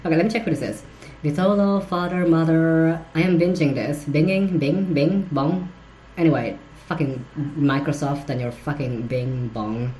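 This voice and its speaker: A woman with a low voice hosts a solo commentary show. She rambles crudely, with frequent giggles, fillers and restarts. A faint noise sits under her voice. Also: moderate pace, warm tone, low-quality recording. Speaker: podcast host.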